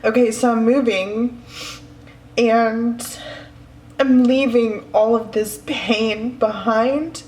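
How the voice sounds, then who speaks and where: A woman's voice: a little high, fairly even intonation, takes it slowly, a little mellow, a little hiss or hum. A woman in her thirties, speaking candidly and emotionally in a personal vlog at home, often sighing. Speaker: vlogger. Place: home, indoors. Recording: echoey room.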